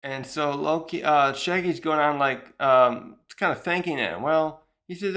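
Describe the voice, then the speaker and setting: A man's voice: a little high, measured pace, hardly any pauses, pushed and bright. A man casually recapping a comic chapter, rambling with many fillers and restarts and briefly acting out the characters' lines. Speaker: manga reviewer.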